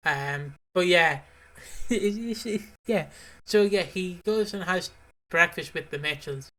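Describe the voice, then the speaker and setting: A man co-hosts a casual podcast, his voice bright and a little sharp in tone. He rambles through retellings, restarting sentences as he goes. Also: sits high, slow pace. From Britain. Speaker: podcast co-host. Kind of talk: casual chat.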